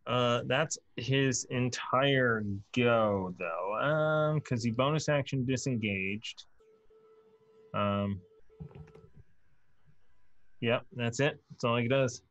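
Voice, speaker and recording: A man running a tabletop role-playing game as dungeon master, briskly calling out rolls and turns. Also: medium pitch, a bit bright, no echo, dull audio.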